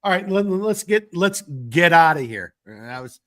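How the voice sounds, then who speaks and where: A man's voice: sits high, sing-song, unhurried. Rambling, swearing podcast host, man. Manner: rambling, swearing, restarts often. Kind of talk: casual late-night chat.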